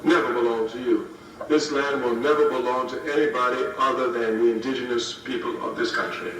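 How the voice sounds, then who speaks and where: A man in his fifties giving a political speech to students, emphatic and repeating key phrases for effect. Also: a little high. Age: 50s. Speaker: speaker addressing students. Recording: roomy, distant archive recording with faint hiss.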